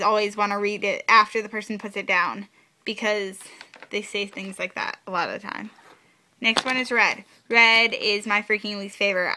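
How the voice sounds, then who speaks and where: A woman's voice: mid-range voice, fairly even intonation, moderate pace, sharp tone. A young woman vlogging casually, explaining board game rules in a chatty, blunt way and repeating words for emphasis.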